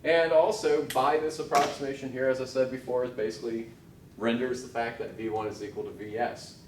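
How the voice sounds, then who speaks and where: A man's voice: mid-range voice, recorded from a distance, slight background noise. Casual male lecturer in an echoey room. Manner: casual, thinking aloud with restarts and asides. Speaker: engineering lecturer. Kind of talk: recorded technical lecture.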